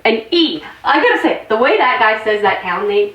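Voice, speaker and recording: A woman's voice: a little high, lively intonation, slow, fairly bright tone, rough recording. A woman chatting casually at home on her vlog, rambling and exclaiming, sometimes muttering to herself. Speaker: vlogger. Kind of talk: casual chat.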